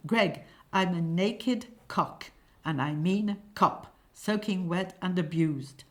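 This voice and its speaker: A woman's voice: on the low side, takes it slowly. A woman voicing an indignant, aggrieved man complaining primly in a comic stage play. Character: indignant soaked man, wounded and prim.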